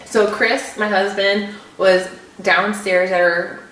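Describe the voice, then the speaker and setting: A young woman co-hosting a casual podcast, telling stories in an animated, giggly way. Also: mid-range voice, slow. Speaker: podcast co-host. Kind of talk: casual chat. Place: room at home. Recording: roomy, distant mic with faint hiss.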